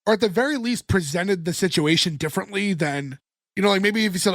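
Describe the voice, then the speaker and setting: A man in his thirties co-hosting a podcast, recapping a sitcom episode in casual chat, animated and laughing, often swearing. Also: high voice, quick pace, dry recording. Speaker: podcast co-host.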